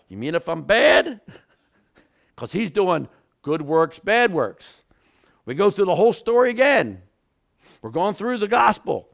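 A middle-aged man preaches with a gravelly, slightly raised voice. His pitch moves a lot as he tells stories, dropping to quiet asides and rising to loud bursts. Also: big pitch swings, a little slow, long pauses. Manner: storytelling, swings from quiet asides to loud outbursts. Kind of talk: sermon.

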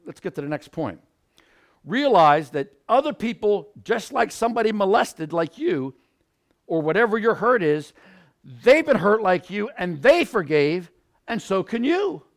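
A male pastor preaching a sermon, animated, acting out little scenes and bursting into shouts. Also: high-pitched, a little slow. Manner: animated, acts out scenarios, sudden shouts.

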